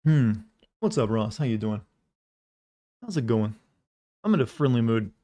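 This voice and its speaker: A man's voice: mid-range voice, big pitch swings, measured pace, warm tone. Male streamer, sleepy, drawling, casual chat with viewers.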